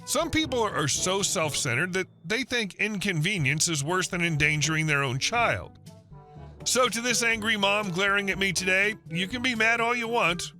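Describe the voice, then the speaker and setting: A man's voice: sits high, moderate pace, faint music behind. A man reading online stories aloud in a polished, scripted narration style with no fillers. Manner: even, polished read with no fillers. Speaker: story narrator.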